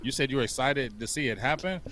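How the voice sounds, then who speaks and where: A man's voice: mid-range voice, quick pace, crowd noise. A man co-hosting a casual sports debate, argumentative, building his point with rhetorical questions. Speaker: sports podcast co-host.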